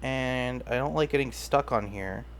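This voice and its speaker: A man's voice: medium pitch, measured pace, a little hiss or hum. A young man hosting his own podcast, rambling casually and self-deprecatingly, often restarting his sentences. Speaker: podcast host. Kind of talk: casual solo podcast talk.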